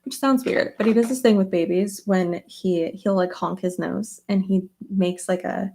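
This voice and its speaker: A woman's voice: medium pitch, steady tone, normal speed, gravelly, mellow, a little hiss or hum. A young woman chatting casually while getting ready, rambling with lots of fillers. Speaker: beauty vlogger. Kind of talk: casual get-ready-with-me chat.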